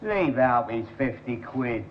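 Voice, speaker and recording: An actor playing a wily, cheeky spiv in a 1960s television sitcom. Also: male voice, medium pitch, animated, takes it slowly. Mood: scheming. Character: wily, cocky London spiv lodger. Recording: tinny, very hissy old TV soundtrack.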